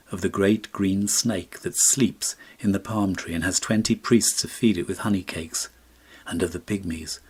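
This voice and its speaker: A man reading a classic fairy tale as an audiobook, measured and expressive. His voice sits low with a husky edge. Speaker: audiobook narrator. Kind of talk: scripted storybook narration.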